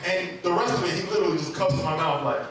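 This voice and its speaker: A man telling a comedic personal story at an open mic, in an animated, conversational way with comic asides. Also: sits high, fast talker. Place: live open mic venue. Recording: echoey room from far off, noisy.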